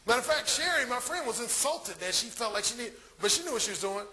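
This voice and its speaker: A man giving a live conference talk as a dating coach, telling crude stories in an animated way. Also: very high voice, fast.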